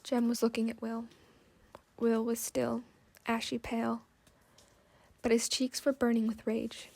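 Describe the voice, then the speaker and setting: A woman narrating an audiobook in measured, scripted storytelling. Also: fairly high pitch, monotone, creaky, darkish tone.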